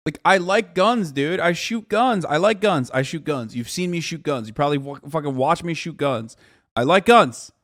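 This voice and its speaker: A man's voice: on the high side, expressive, moderate pace, a bit bright. Ranting, profane male streamer. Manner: profane, ranting, talks over himself with restarts. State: agitated, at times shouting. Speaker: streamer reacting to a video. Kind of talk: heated reaction stream.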